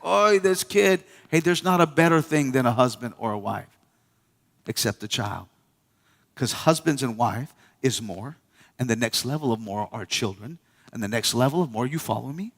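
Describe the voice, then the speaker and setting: A male pastor preaching a sermon in a church, lively, with call-and-response asides to the congregation. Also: medium pitch, moderate pace, big-room sound. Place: church hall.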